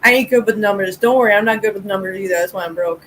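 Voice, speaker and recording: A woman's voice: medium pitch, racing, background noise. A middle-aged woman hosting a casual live chat, telling stories with a loose, laughing, swearing manner. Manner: chatty storyteller, laughs often, swears casually. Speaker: livestream host.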